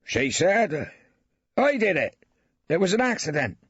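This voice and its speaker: A man's voice: sits high, big pitch swings, unhurried, fairly bright tone, slightly rough, dry recording, pitched above the performer's own voice, heavily acted. A man playing a grudging old country poacher. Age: over 60. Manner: country dialect, short grudging answers. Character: elderly rustic male poacher witness, reluctant. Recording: dry, slightly dull studio.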